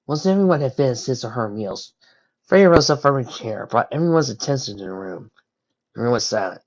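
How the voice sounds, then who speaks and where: A reader narrating a fan story, lively with occasional slips, in a muffled lo-fi recording. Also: mid-range voice, moderate pace, long pauses.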